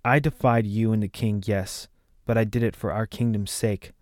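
A brave young princess, as a man reads her, stands her ground in an earnest, resolute voice. It sits low and the sound is dry. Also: steady tone, moderate pace, a little mellow, no echo, natural voice. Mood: defiant. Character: defiant young princess, brave but shaken.

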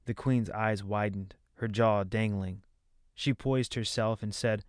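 A man reading a fantasy novel aloud as narrator, in measured storytelling. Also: fairly low pitch, steady tone, smooth, no room sound, clean studio sound. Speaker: audiobook narrator.

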